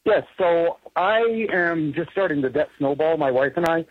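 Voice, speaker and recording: A man's voice: on the high side, animated, moderate pace, a little hiss or hum. A man calling in to an advice show, out of breath, polite and apologetic as he asks his question. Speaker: caller. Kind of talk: phone call to a show. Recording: dull lo-fi phone line.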